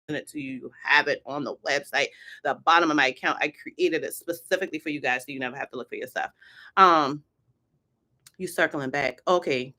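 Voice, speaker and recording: A woman's voice: low-pitched, bright, forceful tone. A woman, chatting casually and sassily with viewers on a livestream as the host. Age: adult. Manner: chatty and sassy, addresses viewers as y'all. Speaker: HR content creator and host.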